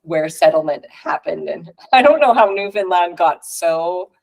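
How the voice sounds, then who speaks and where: A woman's voice: fairly low pitch, expressive, measured pace, creaky, darkish tone, low-quality recording. A young adult woman from Canada hosting a podcast, chatting casually with lots of fillers and laughs. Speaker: podcast host. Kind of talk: casual chat.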